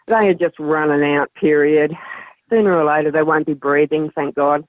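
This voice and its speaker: A woman, calling in to a chat show and speaking in a calm, emphatic way, repeating phrases for stress. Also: low voice, normal speed, no echo, phone-quality sound. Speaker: caller. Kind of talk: casual call-in chat.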